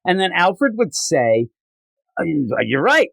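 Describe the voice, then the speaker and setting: A man's voice: high-pitched, wildly swooping pitch, takes it slowly, a bit bright, no room sound. A man co-hosting a podcast, casually retelling comic book scenes and acting out the characters' lines. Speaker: podcast co-host.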